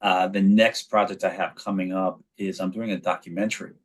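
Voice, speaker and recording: A slightly rough, low-pitched male voice moves at a fairly quick clip. The New Yorker in his forties, an actor and children's author, is a guest in a laid-back interview, telling animated stories and restarting often.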